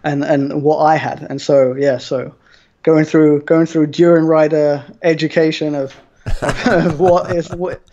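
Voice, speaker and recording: A man's voice: a little high, level tone, measured pace, mellow, slight background noise. A man guest on a podcast, chatting casually and rambling with lots of restarts. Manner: rambling, full of fillers and restarts. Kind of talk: casual chat. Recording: dull lo-fi sound.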